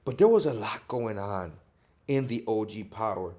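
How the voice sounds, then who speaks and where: A man from Chicago, an actor guest on a casual podcast, telling animated stories and acting out quotes with frequent laughter. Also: fairly low pitch, moderate pace. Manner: animated storytelling, acts out quotes, laughs often.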